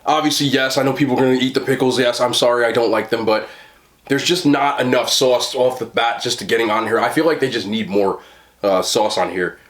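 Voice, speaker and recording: A man casually reviewing fast food on camera, chatting with fillers and talking through mouthfuls at a desk mic. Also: mid-range voice, steady tone, fairly bright tone. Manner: chatty, talks while chewing, frequent fillers.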